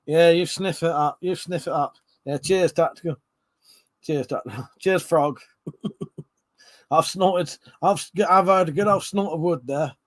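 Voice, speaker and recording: A man's voice: fairly high pitch, unhurried. A man hosting a live stream, chatting loosely with viewers while a bit tipsy, laughing and swearing as he reads the chat.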